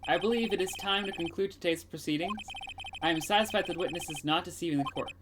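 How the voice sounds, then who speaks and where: A woman's voice: on the low side, quick pace, noisy background, close to an everyday voice. A woman voicing a formal elderly male judge in a stiff, ceremonious manner. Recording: game music playing behind.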